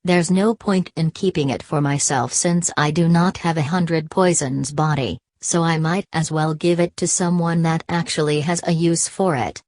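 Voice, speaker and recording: Woman reading as a calm confident young man, cultivator, low even voice, dry sound. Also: no room sound, lightly acted. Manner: calm, unhurried.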